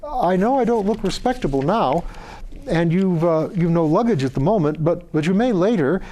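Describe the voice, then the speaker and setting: A man voicing a ragged, humble young beggar who speaks earnestly and a little higher than usual. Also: expressive, normal speed, dark tone. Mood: pleading. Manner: earnest, pleading, slightly raised voice.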